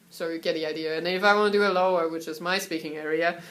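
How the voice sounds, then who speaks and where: A young woman from Taiwan giving a casual, chatty lesson on Mandarin tones at home, sometimes singing syllables to show the pitches. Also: fast talker. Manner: relaxed, chatty, breaks off to soothe her cat; sings syllables and solfege to demonstrate tones. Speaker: Mandarin tone teacher.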